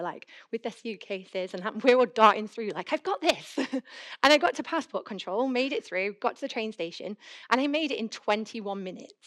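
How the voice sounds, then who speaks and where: Fast-talking woman giving a talk. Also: mid-range voice. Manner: chatty, animated, acts out her own inner voice. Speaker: conference speaker. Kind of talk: conference talk with anecdotes. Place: conference hall.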